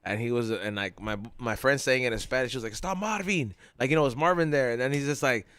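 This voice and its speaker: A man on a casual podcast telling a long, animated story, full of slang and laughter. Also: medium pitch, quick pace, clear, resonant tone.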